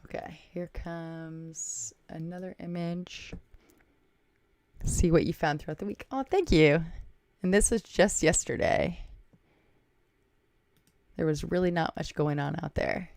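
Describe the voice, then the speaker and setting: A woman's voice: lowish voice, slow, pauses often, a little mellow, dry recording, studio quality. A woman hosting a casual livestream, chatting, thinking aloud and thanking viewers by name. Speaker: livestream host. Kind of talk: casual livestream chat reading viewer comments.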